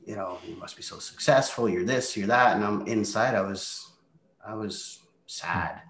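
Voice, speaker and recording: Brief: man, low voice, real estate team leader, candid interview storytelling, slight room echo. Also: normal speed, fairly bright tone. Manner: candid, reflective, drops into quoted asides. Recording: roomy echo.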